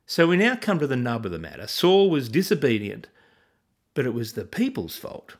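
A man's voice: medium pitch, big pitch swings, moderate pace, husky. A man teaching from the Bible in a sermon style, earnest and asking his listeners questions.

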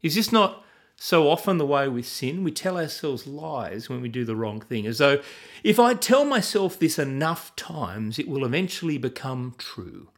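A man's voice: medium pitch, sing-song, moderate pace. A man teaching from the Bible in a sermon style, earnest and asking his listeners questions.

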